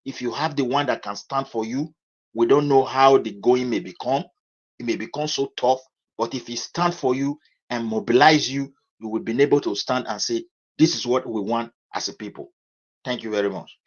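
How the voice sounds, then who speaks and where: A man's voice: medium pitch, normal speed, dull audio. A Nigerian man calling in to a political discussion, earnest, repeating himself and pushing on when interrupted. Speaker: caller.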